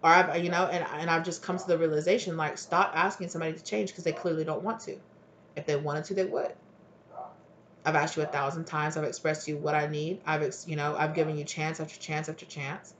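Speaking fairly quickly in a flat, mid-range, slightly bright voice, a tarot reader rambles through a solo reading to camera. Fillers and restarts abound, and she voices both partners in imagined arguments. There's slight background noise.

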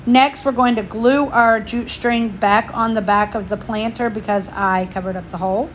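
This woman's voice sits fairly high, with a little hiss or hum underneath. Slightly breathless, she talks her channel's viewers through a craft project one step at a time in a warm, chatty, homey way.

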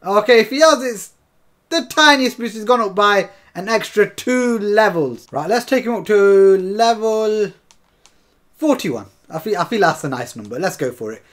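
Guy yelling over a football game, highish voice, keeps saying lads. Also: lively intonation, moderate pace. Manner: chatty, keeps calling viewers lads, bursts into shouts and laughs. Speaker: gaming YouTuber. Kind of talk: excitable gameplay commentary.

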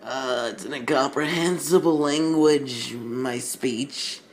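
A man's voice: medium pitch, slow. A man casually reading fan fiction aloud, stumbling over words and making asides to the listener. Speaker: fanfiction reader.

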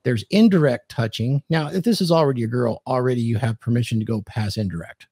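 A man's voice: mid-range voice, fast talker, warm tone, slightly rough, dry recording, clean studio sound. A man hosting a podcast, giving dating advice in casual chat and acting out quoted lines in a commanding tone.

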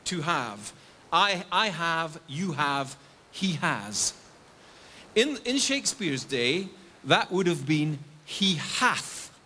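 A man's voice: on the high side, bright, forceful tone, slight background noise. An older man from England giving a public university lecture, explaining step by step and answering his own questions. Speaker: guest lecturer.

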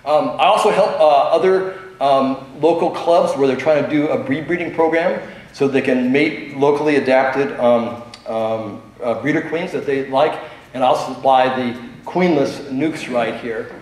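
A middle-aged man with a mid-range, darkish voice speaks a little slowly while giving a conference talk in a large convention hall. He is a chatty storyteller who shares anecdotes, laughs often, and fills gaps with "um" and "uh." The hall is echoey, with strong reverb.

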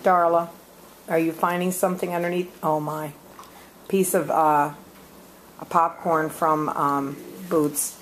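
A woman's voice: low voice, little pitch movement, takes it slowly, long pauses, a little hiss or hum. A woman at home chatting casually with a guest and cooing fondly to her pet monkeys. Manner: cooing, doting talk to her pets. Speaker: monkey owner. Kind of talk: casual home video chat. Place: living room at home.

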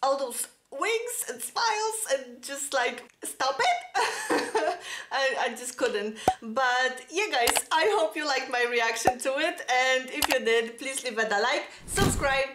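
A woman's voice: high-pitched, animated, measured pace, few pauses, roomy sound, very noisy. A woman gushing breathlessly and giggling as she reacts to a music video in her vlog. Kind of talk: excited fan reaction vlog.

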